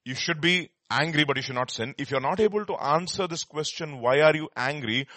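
A man teaching a Bible study, emphatic, repeating words and swinging between soft and loud. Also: on the high side, brisk, no room sound.

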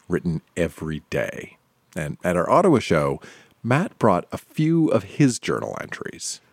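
A man's voice: low-pitched, breathy edge, no room sound, clean studio sound. A Canadian man hosts the show and narrates scripted introductions of the readers. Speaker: podcast host.

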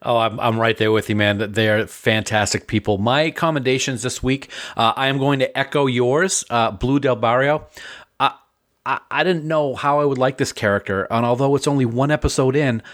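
A man's voice: medium pitch, moderate pace, fairly bright tone. A man co-hosting a podcast, talking in an earnest, enthusiastic way. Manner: enthusiastic, earnest fan praise. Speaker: podcast co-host. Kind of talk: casual podcast chat.

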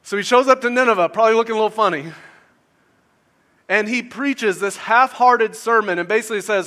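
High-voiced man preaching to a congregation. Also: brisk, sharp tone. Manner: conversational, asks the audience questions, varies volume widely. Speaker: pastor. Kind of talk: sermon.

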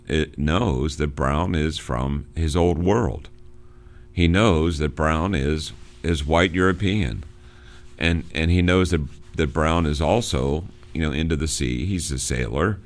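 A middle-aged man giving an informal lecture on a novel as a literature teacher, halting, with many fillers and restarts. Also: a bass voice.

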